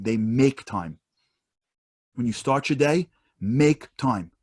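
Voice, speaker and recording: A man's voice: medium pitch, slow pace, long pauses, slightly rough. A man giving an emphatic motivational talk over a video call, repeating his points with energy. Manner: emphatic, repetitive, animated preacher-like delivery. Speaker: guest speaker.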